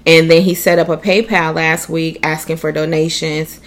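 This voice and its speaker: A woman's voice: low voice, flat delivery, normal speed. A woman from the United States co-hosting a casual chat, telling a story in an easygoing, slangy way full of "like.". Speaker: podcast co-host.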